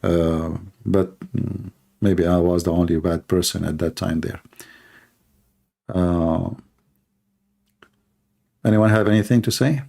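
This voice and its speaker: Joking livestream host, a man with a gravelly, warm, darker voice who mocks freely and tells stories with animation. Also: sits low, slow pace, long pauses. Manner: mocking, joking, animated storytelling. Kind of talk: casual comedic chat and anecdote.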